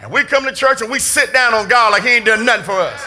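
A middle-aged man from the preaching with fervor, his voice pitched unusually high and ringing very bright. He swings from easy storytelling to full-throated shouts that drive each point home. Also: animated, fast, soft background music. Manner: fervent preaching, often shouting with emphasis. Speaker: pastor. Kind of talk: sermon. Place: church sanctuary.

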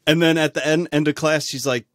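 A man's voice: a little high, fairly even intonation, brisk, a bit bright, no room sound, clean studio sound. A man co-hosting a casual podcast, laid-back and swearing freely. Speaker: podcast co-host. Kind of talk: casual chat.

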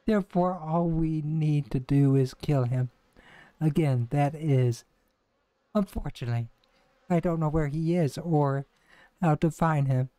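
A man's voice: fairly high pitch, unhurried, warm tone, no room sound, natural voice. A man doing an eager young sleuth girl. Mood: earnest. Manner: dramatic, earnest storybook reading with stumbles. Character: earnest young woman detective's sidekick, theatrical. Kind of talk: reading game cutscene dialogue aloud.

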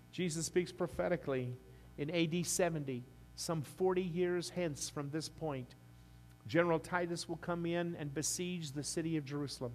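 A man preaching a sermon as pastor, rising to fervent peaks and dropping to a quiet appeal. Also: on the high side, normal speed, soft background music. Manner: impassioned preaching that rises and falls, then softens into a quiet altar call. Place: church sanctuary.

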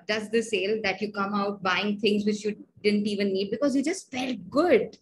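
A woman's voice: medium pitch, slight background noise, rough recording. A woman hosting a podcast, talking in a thoughtful, hesitant way with frequent restarts. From India. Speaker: podcast host. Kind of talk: conversational interview.

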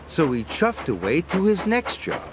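A man narrating a children's story in a gentle, expressive storyteller manner. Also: fairly high pitch, moderate pace. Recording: narration over music score.

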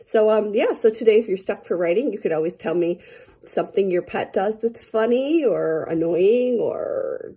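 A woman's voice: mid-range voice, expressive, normal speed, warm tone, husky. A woman teacher telling her students a rambling story in a casual, chatty morning message, with lots of fillers.

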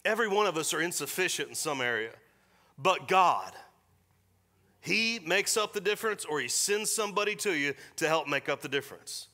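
A middle-aged man preaching a sermon in a church, folksy and storytelling, slipping into quick voiced asides. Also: a little high, animated, pushed and bright. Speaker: pastor. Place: church sanctuary.

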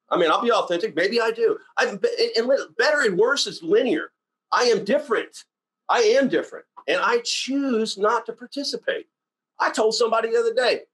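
A man giving a casual motivational sales-training talk in a blunt, rambling, animated storytelling way. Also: sits high, poor audio.

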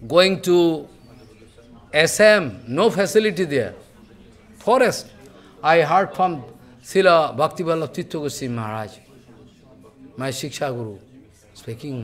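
A man's voice: a little high, animated, unhurried, long pauses. An older man speaking English, giving an emotional devotional sermon in broken English and acting out the dialogue he quotes. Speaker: guru giving a religious discourse.

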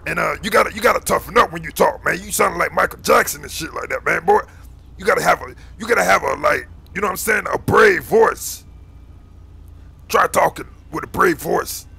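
Man voicing a gang recruiter, gravelly, bright, bossy, slang-heavy. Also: sits high, fairly quick, heavily acted. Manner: bossy, slangy, calls everyone boy and man.

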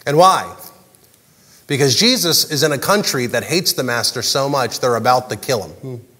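A man preaching a sermon as pastor, animated and jokey, acting out the characters' lines. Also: medium pitch, moderate pace, breathy edge, in a large hall. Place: large church hall.

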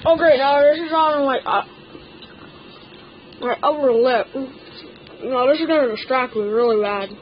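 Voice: high voice, a little slow, pauses often, lo-fi sound, slight background noise. A teenage gaming channel host giving casual gameplay commentary, stammering and complaining that something hurts.

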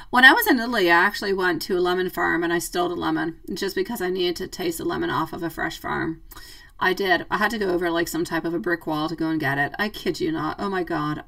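A woman's voice: medium pitch, bright, forceful tone, distant mic, rough recording. A woman doing a live tarot stream, chatting affectionately with viewers, calling them sweetie and laughing often. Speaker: tarot reader. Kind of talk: live-stream chat reading viewer comments.

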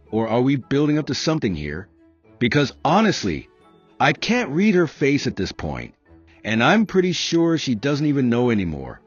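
Man, husky voice, lively swooping delivery, wry comic monologue, dull lo-fi sound with faint music. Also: medium pitch. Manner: animated, wry and self-mocking. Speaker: comedic storyteller. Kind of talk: scripted comedic monologue.

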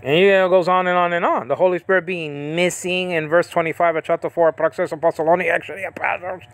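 Rambling male Bible teacher, higher voice. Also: fairly even intonation, a bit bright, no echo. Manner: rambling, self-correcting, reads out Greek words slowly. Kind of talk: casual Bible teaching monologue.

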